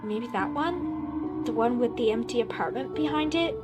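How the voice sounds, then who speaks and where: A woman voicing an eerily polite, calm stranger who talks in a soothing, overly caring but insistent way. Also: a little high, normal speed, lightly acted. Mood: smoothly insistent. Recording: loud game music behind.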